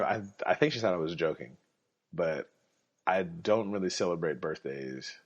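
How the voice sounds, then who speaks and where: A young adult man hosting a podcast, talking in a casual monologue. He is blunt, sarcastic and swears freely. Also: sits low. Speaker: podcast host. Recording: dull lo-fi recording.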